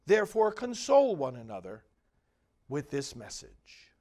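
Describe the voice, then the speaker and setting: A man's slightly raised voice leads a liturgical reading and homily. He is middle-aged and moves at a very slow, deliberate pace, setting off each phrase with quiet solemnity. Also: a little high, expressive. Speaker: priest.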